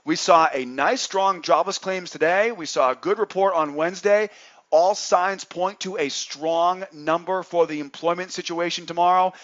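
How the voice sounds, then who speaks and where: A man's voice: high-pitched, moderate pace, a bit bright, highs cut off. A man hosting a nightly trading newsletter, talking through market commentary in an upbeat, chatty way and often adding "right?".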